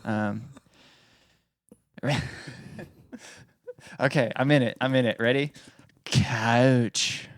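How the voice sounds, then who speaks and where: Deadpan man podcast co-host, mid-pitched, close dry mic. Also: takes it slowly, long pauses, no room sound. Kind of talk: casual chat.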